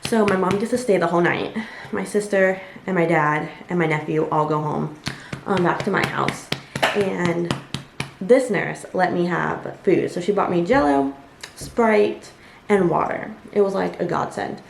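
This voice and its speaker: A woman's voice: on the low side, measured pace, creaky. A young woman vlogger telling a personal story in a conversational way, with many fillers and quoted asides. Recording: echoey room with faint ambient noise.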